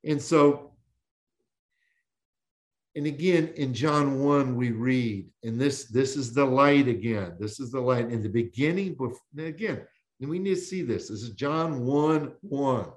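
A man teaching the Bible as a podcast guest, with an emphatic preaching cadence, slowing on key words and often restarting phrases. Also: medium pitch.

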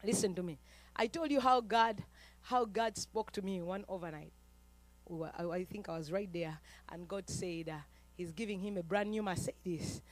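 A woman preacher from Uganda, giving a fervent sermon that swings between quiet talk and shouting. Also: medium pitch, normal speed.

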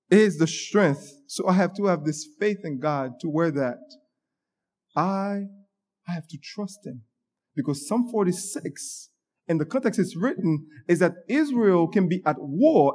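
High-voiced emphatic preacher. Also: male voice, a little mellow. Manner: emphatic, with repeated restarts and stammers. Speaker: pastor. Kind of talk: sermon.

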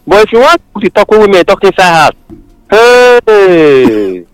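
Man, Nigerian Pidgin accent, fairly high voice, very lively pitch, dry sound. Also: clean tone, no room sound, soft background music, rough recording. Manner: lively, measured explaining, proverbs. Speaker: radio co-host. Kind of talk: casual radio chat in Pidgin. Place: radio studio.

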